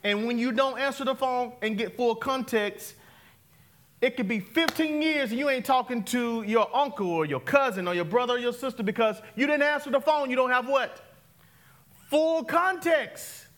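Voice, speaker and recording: High, bright-voiced preacher man. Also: moderate pace. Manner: call-and-response, laughing often, swings from loud to hushed. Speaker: pastor. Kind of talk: interactive sermon.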